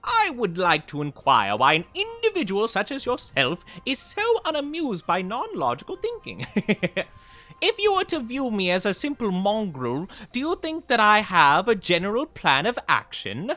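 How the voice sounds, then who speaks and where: A pompous villain clown, played by a man, drawing every word out in lofty, overblown speech. The voice sits high and bright, gliding through wide swings of pitch. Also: wildly swooping pitch, moderate pace, no room sound, soft background music, heavily acted. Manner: over-elaborate posh speech, drawn out.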